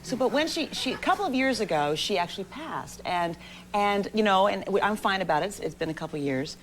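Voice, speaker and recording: A woman in her forties telling a lively anecdote as a talk show guest in a TV studio, acting out the voices she quotes, with sudden jumps in pitch. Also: brisk. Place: TV studio with live audience. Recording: lo-fi VHS broadcast recording, faint hiss.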